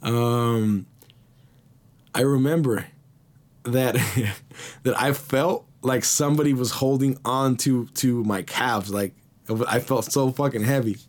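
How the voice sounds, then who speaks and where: A man's voice: mid-range voice, slow. A man hosting a podcast, telling a rambling, slang-heavy story full of swearing. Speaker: podcast host. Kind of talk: casual storytelling.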